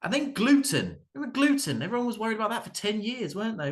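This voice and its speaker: A man, performing a stand-up comedy set in a halting way, with many fillers, restarts and dry asides. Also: high voice, huge pitch swings. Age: 30s.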